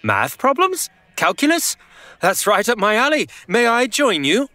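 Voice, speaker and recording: A man's voice: very high-pitched, big pitch swings, unhurried, pushed and bright, dry recording, heavily acted. A man playing an eager, long-winded Isaac Newton in a children's audio drama. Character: Isaac Newton, eager know-it-all 17th-century scientist. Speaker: character actor.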